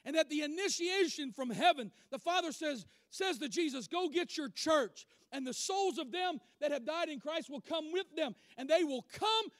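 A man preaching a sermon, emphatic, swinging from loud declarations to quiet asides. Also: very high-pitched, animated, normal speed, few pauses, dry recording, studio quality.

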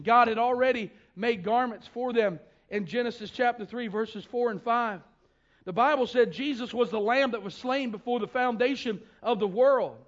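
A man's voice: very high voice, normal speed. A man preaching a sermon, retelling a testimony with quoted dialogue and asking the congregation rhetorical questions. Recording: dull lo-fi recording.

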